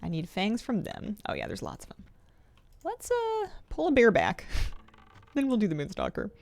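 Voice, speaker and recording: A woman's voice: mid-range voice, huge pitch swings, moderate pace, vocal fry, darkish tone. A woman streamer chatting casually while playing, thinking aloud and laughing often. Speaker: game streamer. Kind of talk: casual gameplay commentary.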